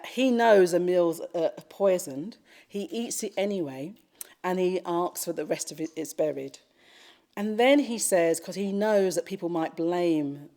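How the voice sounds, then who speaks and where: Gentle lowish-voiced woman telling a story. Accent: British English. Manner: gentle, reflective storytelling with soft pauses. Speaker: Buddhist teacher. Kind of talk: retreat dharma talk, storytelling. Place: retreat hall.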